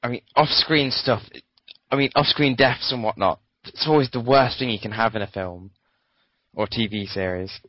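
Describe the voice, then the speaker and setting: A man's voice: medium pitch, moderate pace, husky, dry recording. Man making dry, brief remarks. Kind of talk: casual chat. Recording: dry, muffled lo-fi recording.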